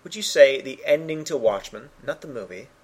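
A man's voice: medium pitch, lively intonation, moderate pace, breathy edge. A man with a Canadian accent, co-hosting a casual chat about a miniatures game with enthusiastic, playful asides.

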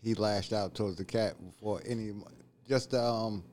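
Halting, colloquial male podcast guest. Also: lowish voice, steady tone, darkish tone, a little hiss or hum. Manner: halting, restarts words, colloquial speech. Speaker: podcast guest, predator catcher. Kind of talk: casual podcast conversation.

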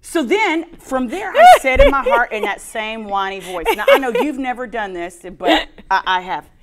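On a casual faith talk show, a female co-host shares a personal testimony in an animated, self-mocking way, slipping into a whiny crying voice when quoting her past self. Her voice is a little high and her pace is normal, with crowd noise behind her.

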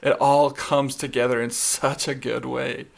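A man's voice: medium pitch, flat delivery, measured pace, creaky, a little hiss or hum. A man co-hosting a podcast, chatting casually and enthusiastically, laughing as he retells scenes. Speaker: podcast co-host. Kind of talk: casual chat.

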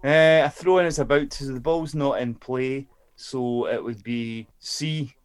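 A man co-hosts a football podcast, answering quiz questions in short, thoughtful replies. His voice sits at an ordinary pitch. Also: fairly even intonation, unhurried, smooth, dry recording. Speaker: co-host. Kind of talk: casual football chat.

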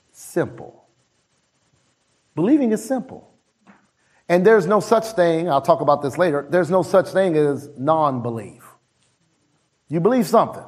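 A man preaching a sermon as pastor, emphatic, slowing down on key phrases and swinging high for emphasis. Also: slightly rough.

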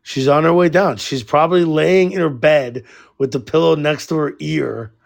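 A man co-hosting a podcast remotely in loud, profane, laugh-filled casual banter. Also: fairly high pitch, normal speed, creaky. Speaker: podcast co-host.

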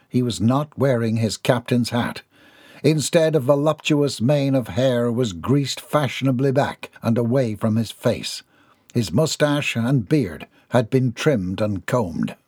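A man's voice: medium pitch, measured pace, darkish tone, breathy edge, no echo, studio quality. A man narrating a comic novel as an audiobook reader. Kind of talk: scripted narration.

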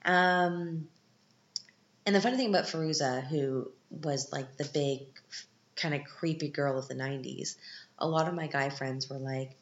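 A woman's voice: sits low, a little slow. A woman in her thirties casually recapping a film, chatty and candid with sarcastic asides. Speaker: podcast host. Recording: echoey, dull lo-fi room.

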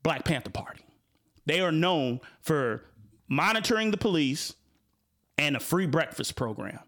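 A man hosting a casual live-stream talk, animated and joking, full of restarts and asides to the audience. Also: a little high, unhurried. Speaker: show host.

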